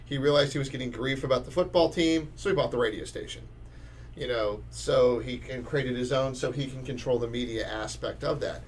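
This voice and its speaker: A man's voice: mid-range voice, a little fast, slight background noise. A man co-hosting a casual sports talk podcast, emphatic and often restarting his sentences. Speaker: podcast co-host.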